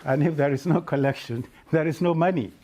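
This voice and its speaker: A man's voice: on the high side, dark tone. A man who leads a church body gives an earnest spoken report to members. He stops and restarts his words often. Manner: halting, with many repeated restarts. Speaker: church leader giving a report.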